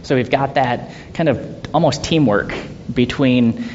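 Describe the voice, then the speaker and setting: Man teaching scripture, lo-fi recording. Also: unhurried. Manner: conversational, with soft laughs and rhetorical questions. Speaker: Bible teacher. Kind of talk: Bible study teaching. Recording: dull lo-fi sound with faint rumble.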